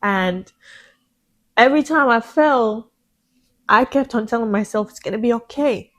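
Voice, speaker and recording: A woman's voice: fairly high pitch, measured pace, a bit bright. A woman co-hosting a casual podcast, talking in an earnest, emotional, motivational way about getting back up. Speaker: podcast co-host.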